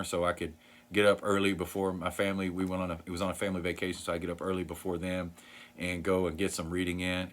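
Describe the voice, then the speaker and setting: Brief: low-voiced man, earnest video host, rambles a bit with lots of ums. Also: fairly bright tone. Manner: earnest, rambling, many fillers and restarts. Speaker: Christian vlogger sharing book recommendations. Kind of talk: casual talk to camera.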